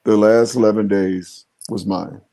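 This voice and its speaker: A man in his seventies with a low, mellow, darker voice tells stories in a relaxed, folksy way. He speaks plainly and colloquially, like a veteran car dealer passing on what he has learned. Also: a little slow. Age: 70s. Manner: folksy, colloquial storyteller, gives advice. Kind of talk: casual podcast talk.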